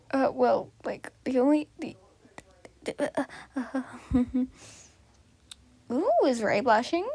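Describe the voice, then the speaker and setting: Slow, gravelly-voiced woman role-playing. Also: on the high side, darkish tone. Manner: flustered, giggly, stammering. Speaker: fan role-play performer. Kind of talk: casual improvised fan role-play.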